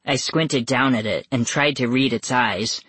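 An audiobook narrator reading a first-person spooky story slowly and suspensefully. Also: mid-range voice, a bit bright, slightly rough, no room sound. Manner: slow, measured and suspenseful, rising tense at scary moments. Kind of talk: first-person scripted horror narration for young readers.

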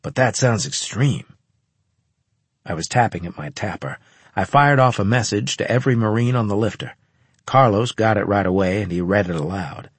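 A man narrating a first-person audiobook in a steady, measured manner. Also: lowish voice, breathy edge, no room sound.

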